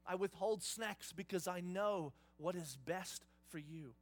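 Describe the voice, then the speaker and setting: A man preaching, voicing God as a patient, fatherly figure who speaks slowly and reassuringly. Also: high voice. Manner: slow and measured. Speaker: pastor.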